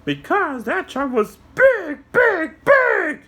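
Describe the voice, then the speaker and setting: A man voicing a cheerful little puppy dog puppet in a squeaky, sing-song voice, eagerly answering questions about a story. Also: big pitch swings, slow, pushed and bright, exaggerated voice.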